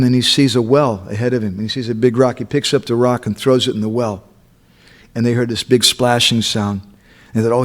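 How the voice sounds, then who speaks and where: A man giving a sermon, telling stories and checking in with his listeners. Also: mid-range voice. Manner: acts out quotes, checks in with listeners. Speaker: speaker at a temple. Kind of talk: storytelling sermon.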